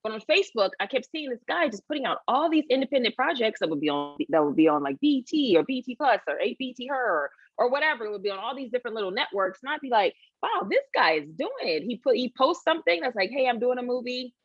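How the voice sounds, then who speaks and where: A woman actress in a casual interview, telling animated stories, acting out what people said and laughing often. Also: fairly high pitch, fast, hardly any pauses, slightly rough, no echo. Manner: animated storytelling, acts out quoted voices, laughs often. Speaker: actress, guest. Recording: dull lo-fi sound.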